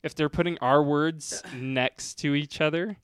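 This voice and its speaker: Smooth-voiced rambling podcast guy. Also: fairly high pitch, fairly even intonation, measured pace, fairly bright tone, dry recording, studio quality. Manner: rambling, repeats "like". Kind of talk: casual chat.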